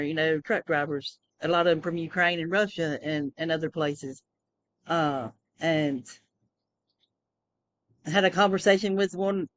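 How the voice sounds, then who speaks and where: A woman's voice: lowish voice, a bit bright. A woman rambling through a casual personal monologue, full of fillers and restarts. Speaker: vlogger.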